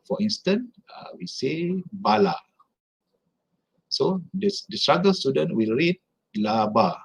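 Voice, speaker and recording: Malaysian man lecturing, lively husky voice. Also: mid-range voice, low-quality recording. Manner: careful, explains with spelled-out examples; halting, restarts phrases. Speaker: academic speaker. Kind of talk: online conference lecture.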